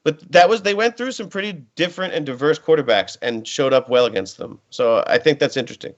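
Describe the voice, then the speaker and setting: A man's voice: medium pitch, quick pace. A man co-hosting a football show, analyzing casually in a rambling, joking way with lots of fillers. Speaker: podcast co-host. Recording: muffled lo-fi audio.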